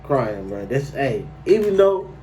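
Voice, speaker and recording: A man's voice: mid-range voice, big pitch swings, a little slow, warm tone, distant mic, a little hiss or hum, low-quality recording. A man telling a personal story to camera in a casual, slangy way, breaking into incredulous outbursts.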